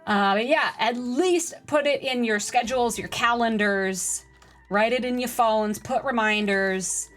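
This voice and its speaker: A woman live-streaming a game, chatting with her viewers and getting excitable during play. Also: on the high side, a little slow, faint music behind. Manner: chatty, excitable, talks to chat. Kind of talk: live-stream gaming chat.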